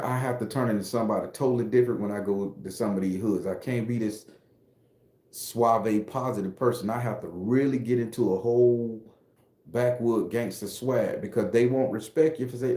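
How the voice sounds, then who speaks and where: Man, casual livestream host, profane and joking, mellow voice, echoey room. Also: mid-range voice, moderate pace. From Florida. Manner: profane, loose and joking, with slang. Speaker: host and spooky storyteller.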